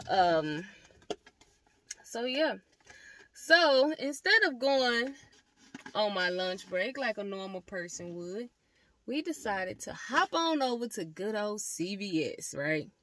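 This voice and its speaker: A young woman telling a storytime vlog to the camera, animated and swearing freely as she talks to her viewers. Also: medium pitch. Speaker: vlogger.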